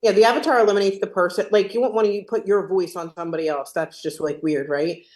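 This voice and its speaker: A woman's voice: medium pitch, fairly even intonation, fast, a little mellow, roomy sound. A woman hosting a casual online Q&A, chatty, repeating her points for emphasis over a video call. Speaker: host. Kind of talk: casual webinar Q&A.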